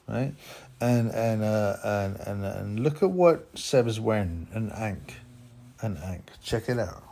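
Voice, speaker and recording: A man's voice: fairly low pitch, warm tone. Guy rambling about boxing on his channel, opinionated, conspiracy-ish asides, keeps saying huh and man. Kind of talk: casual commentary monologue.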